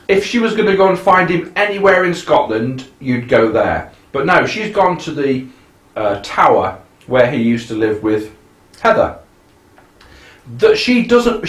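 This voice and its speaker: Podcast co-host, sarcastic chatty film commentary, lively pitch, echoey room. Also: male voice. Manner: chatty, sarcastic, doing mock film voices.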